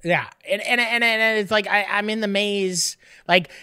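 A man's voice: sits high, fairly even intonation, unhurried, bright, forceful tone, clear, resonant tone. A man co-hosting a comedy podcast who riffs in absurd, self-mocking bits. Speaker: podcast co-host. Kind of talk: loose comedic banter.

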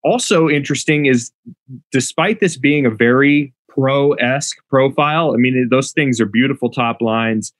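A man's voice: mid-range voice, unhurried, dry recording. A man, the show's producer, talking through club data in a casual podcast discussion with an analytical manner.

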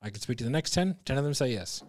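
A man's voice: mid-range voice, animated, fast, dry recording. A man talking sales as a podcast guest, blunt and emphatic, swearing freely and restarting his sentences often. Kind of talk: casual podcast conversation.

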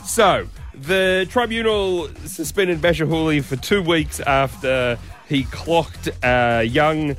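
A man's voice: on the high side, takes it slowly, hardly any pauses, soft background music. A man co-hosting a radio show, talking in casual, joking banter. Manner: joking, animated storytelling.

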